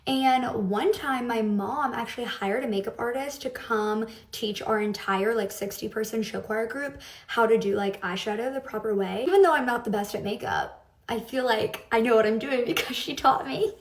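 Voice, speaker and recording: A woman's voice: on the high side, normal speed, recorded from a distance. A young woman vlogger chatting in a bubbly, confiding way while doing her makeup, often laughing. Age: young adult. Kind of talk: casual get-ready-with-me chat. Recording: roomy echo.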